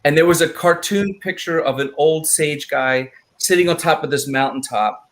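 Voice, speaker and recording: A man's voice: fairly high pitch, moderate pace. A man, the film's writer, telling stories in a casual live panel chat and acting out quoted lines. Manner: animated, acts out quoted lines in voices. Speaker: writer of the film.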